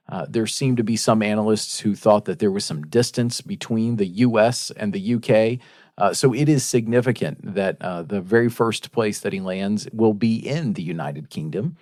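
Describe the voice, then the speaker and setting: A man's voice: on the low side, a little mellow, dry recording, studio quality. A man co-hosting a podcast, chatting casually and reading news reports aloud. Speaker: podcast co-host.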